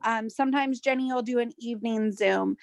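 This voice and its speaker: A woman chimes in on a team video call with practical, matter-of-fact advice about work routines. Her voice is slightly high and recorded dry, with little room sound around it. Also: brisk, gravelly, dry recording. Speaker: team member giving work tips.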